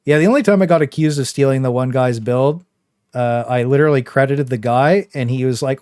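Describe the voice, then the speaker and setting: A man's voice: mid-range voice, fast talker, a little mellow, no echo, clean studio sound. A young man casually chatting on his game livestream, rambling with lots of fillers and a trolling swagger. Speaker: game streamer.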